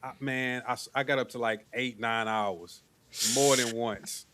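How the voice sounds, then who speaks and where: A man's voice: medium pitch, fairly even intonation, a little slow, background noise. A man from East Texas hosting a livestream, talking in a loose, laid-back way with casual slang.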